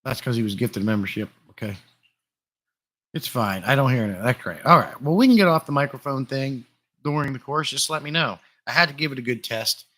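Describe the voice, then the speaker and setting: A livestream host chats casually and greets his viewers by name, speaking at a brisk clip in a mid-range voice. He's picked up by a desktop USB condenser mic in a room lined with glass fish tanks.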